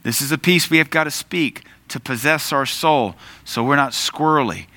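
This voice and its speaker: A man preaching a conversational sermon, pausing to search for words and telling stories on himself. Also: a little high, sharp tone, no room sound. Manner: conversational preaching with asides and self-corrections. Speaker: pastor.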